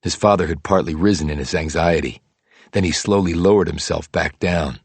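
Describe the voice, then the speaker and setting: A man narrating a crime thriller audiobook in a steady, measured read. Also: sits low, husky, dry recording. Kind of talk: scripted narration.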